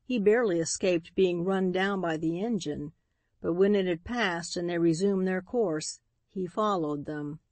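A woman reads an audiobook in a steady, even narrating voice. Her pitch sits slightly low. The recording is close and dry, with no room sound. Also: unhurried, no room sound. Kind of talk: scripted narration.

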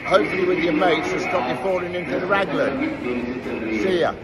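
A man's voice: a little high, expressive, moderate pace. A man giving a blunt, joking birthday message from a busy street abroad. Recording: loud crowd noise around.

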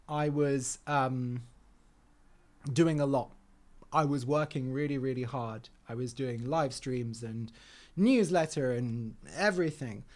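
Chatty man teaching easy English. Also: fairly high pitch. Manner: chatty and rambling, pauses to explain words simply; laughs easily, frequent ums and restarts. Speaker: English teacher and podcast host. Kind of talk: casual live-stream chat for English learners.

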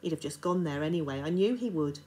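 A stern lady of the manor, still a grieving mother, speaking low and grave, as a woman reads her lines aloud. She gives commands one moment and halts over her words the next. Her voice is deep for a woman. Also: fast talker, darkish tone, lightly acted, low-quality recording.

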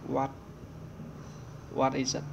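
An English teacher, a man, walks through a workbook lesson very slowly and without hurry, thinking aloud as he hunts for each answer. A faint hum runs in the background beneath his voice.

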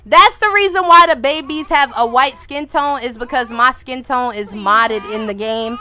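A woman giving casual, joking gameplay commentary, animated and laughing often. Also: a little high, normal speed. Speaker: gaming YouTuber.

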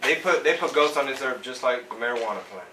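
A man's voice: mid-range voice, animated, quick pace, pushed and bright, distant mic. A man hosting a live stream as a comedian, chatting casually in slang and dropping into Spanish. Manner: slangy, switches into Spanish for bits. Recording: echoey room, voice a bit off-mic, faint noise.

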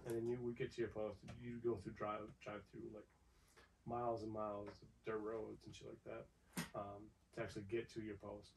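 A man's voice: on the low side, level tone, moderate pace, vocal fry, far from the mic, background noise. A man from upstate New York, a guest swapping laid-back stories in casual podcast chat. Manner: laid-back storytelling with frequent laughs.

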